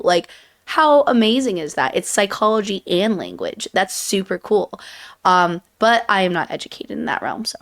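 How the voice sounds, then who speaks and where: A woman's voice: mid-range voice, very animated, normal speed. A woman co-hosting a casual chat, wandering off on tangents with self-deprecating laughs. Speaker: podcast co-host.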